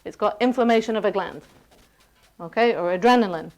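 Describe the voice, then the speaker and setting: A woman lecturing a university class in a lively, playful way, often checking in with the students. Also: medium pitch, a little fast.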